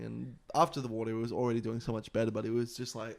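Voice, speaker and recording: A man's voice: medium pitch, racing, creaky. A young man, co-hosting a casual podcast and telling stories with energy and the odd swear. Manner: animated storyteller, swears freely. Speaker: podcast co-host. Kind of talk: casual chat.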